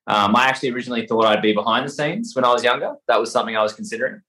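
Young Australian man, guest actor, hesitant and rambling, mid-pitched, everyday voice. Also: racing, sharp tone, rough recording. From Perth, Western Australia. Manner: rambling, hesitant, many fillers and restarts. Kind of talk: casual interview chat.

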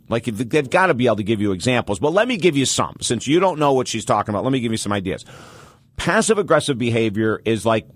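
A man hosting a call-in advice show, talking in an animated, storytelling way and stressing his points through repetition. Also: mid-range voice, dry recording.

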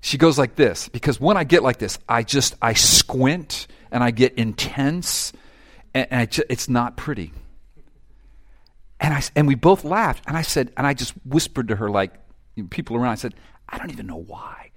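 In a sermon, a middle-aged pastor preaches with animated energy at normal speed, his pitch in an ordinary middle range for a man. He swings dramatically from near-whispers to loud, urgent outbursts while acting out the voices of people praying and complaining.

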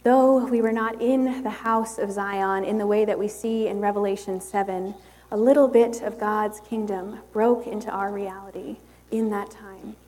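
A woman preaching a sermon in a slow, measured, reflective way. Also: medium pitch, fairly even intonation, dark tone, big-room sound.

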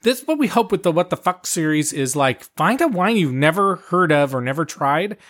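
A man's voice: a little high, sing-song, fairly quick, fairly bright tone. A middle-aged man co-hosting a podcast in casual chat, rambling and joking with plenty of fillers. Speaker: podcast co-host.

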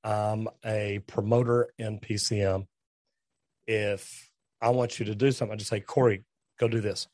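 Direct, animated man, dry close sound. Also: lowish voice, moderate pace, no echo. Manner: direct, animated, acts out quoted dialogue. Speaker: guest, trade business owner. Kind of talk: casual podcast conversation.

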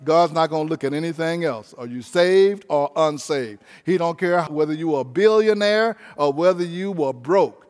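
A man's voice: a little high, moderate pace, few pauses, darkish tone, big-room sound. A man preaching a sermon as pastor, folksy and emphatic, stretching out key phrases.

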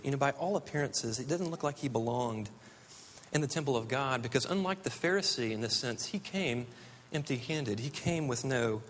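A man's voice: medium pitch, a bit bright, a little hiss or hum. A man from the United States preaching a sermon, telling stories earnestly. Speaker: pastor. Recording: long hall reverb.

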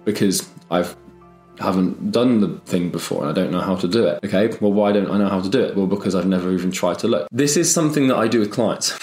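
Young male business coach, low voice, casual and punchy with rapid-fire questions, recorded in an echoey room. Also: darkish tone. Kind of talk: casual talking-head business advice. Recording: echoey room with faint music.

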